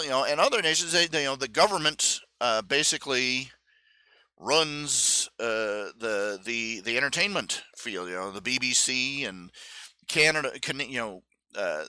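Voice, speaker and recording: Bright, lively man chatting on a stream. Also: mid-range voice, dry recording, clean studio sound. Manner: rambling, with many fillers and restarts, acts out quotes. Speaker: live stream host. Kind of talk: casual solo commentary.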